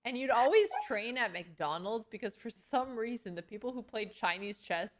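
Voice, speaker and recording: A woman's voice: fairly high pitch, expressive, normal speed, noisy background. A young woman hosting a livestream, chatting casually with a friend and greeting and thanking her viewers as she goes. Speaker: streamer host.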